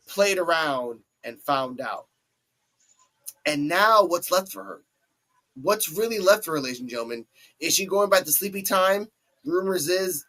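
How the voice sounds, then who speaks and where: Giving an excited play-by-play of a wrestling match, this man with a fairly high voice gets animated and uses squeaky put-on voices for quotes. He holds the floor like a host on his own show, and the audio is poor.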